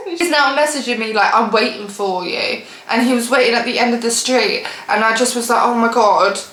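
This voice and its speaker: A young woman tells a storytime tale, animated and exasperated, breaking into laughter now and then. Her voice sits a little high. The room around her is echoey. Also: fairly quick. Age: young adult. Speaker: vlogger. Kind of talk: storytime vlog.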